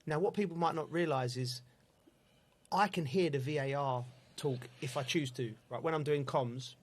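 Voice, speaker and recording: A man, a football commentator telling stories in a casual chat, laughing often and animated. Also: on the high side, normal speed.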